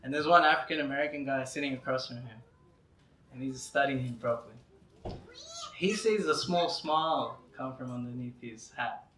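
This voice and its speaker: A man giving a devotional lecture as a lively storyteller who laughs often and says "you know" a lot, heard in a roomy hall through a distant mic. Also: medium pitch, moderate pace, a little hiss or hum. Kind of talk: anecdotal religious lecture.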